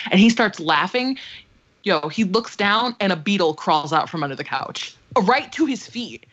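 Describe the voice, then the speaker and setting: A woman's voice: lowish voice, expressive, moderate pace, a bit bright. Profane, emphatic woman telling a story. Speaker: podcast co-host. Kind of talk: casual storytelling chat. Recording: dull lo-fi podcast audio.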